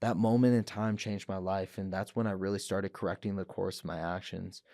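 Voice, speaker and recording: Earnest young man, low voice, dry close sound. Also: little pitch movement, fairly quick, dark tone, no room sound. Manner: earnest, many restarts, quotes others' words. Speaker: guest, professional fighter. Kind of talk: emotional personal testimony. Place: podcast studio.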